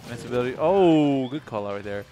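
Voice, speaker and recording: A young man commentating a live video game tournament, excitable, laughing often and repeating himself, his voice tired and low. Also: a little fast. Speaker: esports commentator. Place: gaming tournament at a sports center. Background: music.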